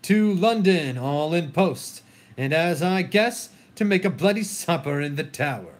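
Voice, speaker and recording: Man reads guarded duke, curt refusals, highish tone. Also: lively intonation, unhurried. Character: guarded royal brother, a man. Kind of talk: solo dramatic reading of a play.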